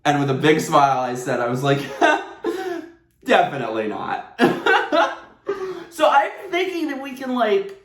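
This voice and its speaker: A man telling a casual storytime at home, animated and sarcastic, laughing often. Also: on the high side, a little fast, hardly any pauses. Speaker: vlogger. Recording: roomy echo.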